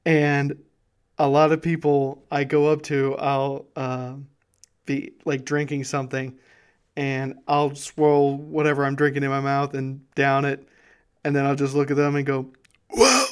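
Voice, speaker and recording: Brief: male host, smooth clear voice, flat delivery, casual history storytelling. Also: mid-range voice, unhurried.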